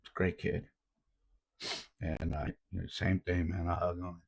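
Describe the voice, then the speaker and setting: A man with a low, gravelly voice tells stories in an easygoing, heartfelt way. His tone is husky, and he slips "man" into his sentences. He sounds like a youth coach hosting his own podcast. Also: flat delivery, a little slow. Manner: laid-back, says "man" often, earnest. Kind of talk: casual reflective storytelling.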